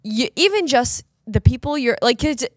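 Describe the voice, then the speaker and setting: A woman's voice: sits high, lively intonation, normal speed, no echo, clean studio sound. A woman co-hosting a podcast, talking earnestly and emphatically in casual faith chat, often repeating herself. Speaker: podcast co-host.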